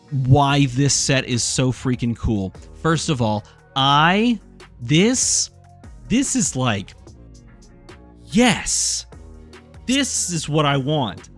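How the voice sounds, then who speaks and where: A young man hosting a card game channel, talking in an excitable, rambling way with lots of fillers. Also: medium pitch. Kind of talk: casual excited chat.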